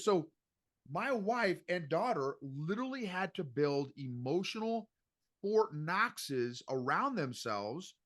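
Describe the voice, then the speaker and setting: A middle-aged man speaks as a guest in a casual podcast interview, coaching listeners with animated emphasis. His voice sits a little higher than most men's. He keeps circling back to repeat his key phrases. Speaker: guest, emotional intelligence coach.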